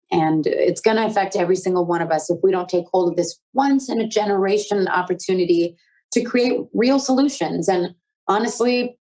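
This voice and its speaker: A woman's voice: lowish voice, warm tone, rough recording. A young woman hosting a conversation, presenting with eager, upbeat energy. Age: young adult. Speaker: host of the youth conversation. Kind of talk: scripted presenting and casual questions.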